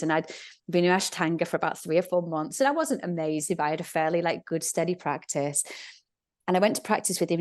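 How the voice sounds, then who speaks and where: A woman's voice: lowish voice, a little mellow. A middle-aged woman, a podcast guest who teaches yoga, telling stories animatedly and acting out inner voices. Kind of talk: conversational podcast interview.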